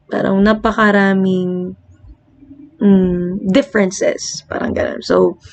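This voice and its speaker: A woman's voice: mid-range voice, vocal fry, darkish tone, slight background noise. A young Filipino woman teaching an online lecture in a chatty, casual way, with a Filipino accent and frequent laughs and fillers. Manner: chatty, laughs often, uses many fillers. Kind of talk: casual online lecture mixing English and Tagalog.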